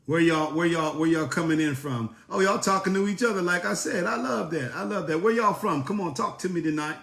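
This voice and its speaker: A man's voice: on the high side, fairly quick, fairly bright tone, roomy sound. A man from South Jersey hosting a casual livestream, greeting viewers by name in an upbeat, familiar way. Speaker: livestream host.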